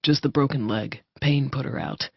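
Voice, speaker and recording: A woman reading voicing a gruff male wolf-shifter soldier who talks bluntly and swears, on a slightly muffled recording. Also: rumbling low, normal speed, no echo, pitched below the performer's own voice, heavily acted.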